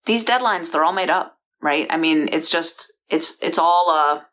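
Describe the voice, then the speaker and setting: In an unhurried, low voice with a bit of brightness, a San Francisco woman who is a founder and host recounts a personal story to the listener. Recorded in a bedroom, she chats freely, restarting sentences and adding asides.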